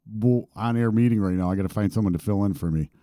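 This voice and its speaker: A man, co-hosting a local radio show and chatting in a relaxed, easygoing way. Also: lowish voice, quick pace, no room sound, studio quality. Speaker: radio co-host and DJ. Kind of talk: casual radio banter. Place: radio studio.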